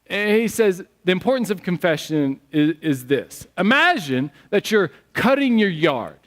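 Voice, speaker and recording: A man preaching a sermon as pastor, telling stories in an animated, conversational way. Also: sits high, a little slow. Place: church sanctuary. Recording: long church hall reverb.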